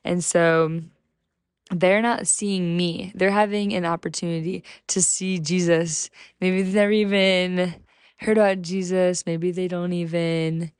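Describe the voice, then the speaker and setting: A woman's voice: fairly low pitch, fairly even intonation, unhurried, clear, resonant tone, no room sound, studio quality. A young woman hosting a casual faith podcast, chatty and upbeat with many fillers, acting out her own small talk with strangers. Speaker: podcast host. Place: small room, filmed live.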